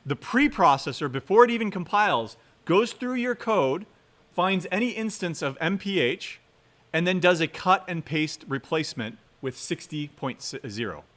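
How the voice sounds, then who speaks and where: A man's voice: sits high, expressive, normal speed, a bit bright. Guy teaching a coding class, chatty, says "right?" constantly, hammers warnings over and over. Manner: conversational, often adds "right?" as a tag question; emphatic, repeats key warnings. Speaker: university instructor. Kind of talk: recorded programming lecture with live coding.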